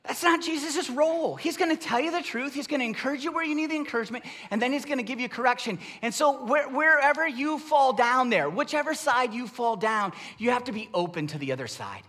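A middle-aged man preaching a sermon as pastor, conversational and animated, rising into emphatic raised bursts. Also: very high voice, fairly quick, hardly any pauses.

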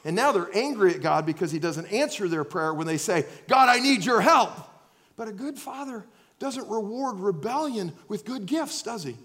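A man preaching a sermon, swinging between loud acted-out outbursts and quiet, earnest asides. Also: sits high, animated, moderate pace. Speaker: pastor.

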